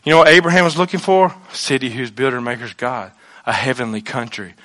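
A male pastor gives an energetic sermon at a quick pace, voicing the characters he quotes. He alternates loud bursts with soft asides, speaking at a medium pitch.

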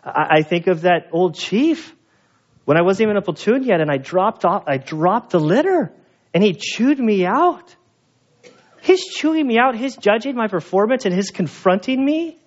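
A man preaching a sermon as pastor, telling stories in an animated way and acting out the voices of the people in them. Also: sits high, moderate pace, lo-fi sound. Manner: animated storyteller, acts out quoted voices. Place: church.

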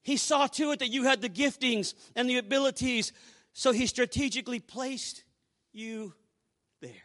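At a moderate pace, a high-voiced male pastor tells a story to his congregation as part of a sermon. He drops into hushed asides, then rises to loud exclamations.

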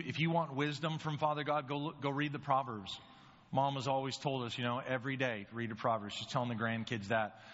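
A man's voice: mid-range voice, fairly bright tone. A man preaching a sermon in a conversational way, often asking his listeners rhetorical questions. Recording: reverberant hall, dull lo-fi sound.

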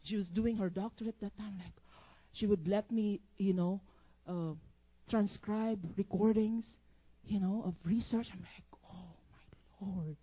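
A woman's voice: medium pitch, steady tone, unhurried, husky, highs cut off. A woman preaching a sermon. She reads proverbs aloud, then stops to quiz the congregation on the missing words, with playful, teasing asides.

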